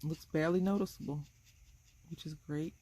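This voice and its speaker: A woman's voice: sits low, fairly even intonation, normal speed, mellow, husky. A woman hosting a craft video, chatting casually and rambling with amusement while she colors.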